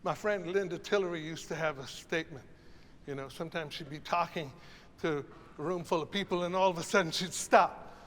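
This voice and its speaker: An older man leading a choir rehearsal as conductor, animated, demonstrating phrases by singing them. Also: on the high side, brisk, big-room sound. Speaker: choral conductor. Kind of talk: choral masterclass rehearsal.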